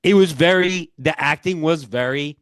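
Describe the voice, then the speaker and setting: A man with a Long Island New York accent, co-hosting a podcast in a relaxed, rambling chat. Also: on the high side, moderate pace, clean tone, no room sound. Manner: laid-back storytelling, many "like"s and "yeah"s. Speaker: podcast co-host. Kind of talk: casual chat.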